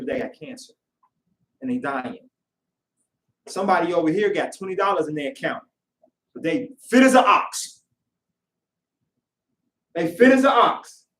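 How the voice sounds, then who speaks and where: Animated preacher man in an echoey hall. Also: high-pitched. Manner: animated, acts out congregants in quoted voices, shouting at times. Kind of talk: sermon. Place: worship hall. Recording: echoey room, voice from a distance.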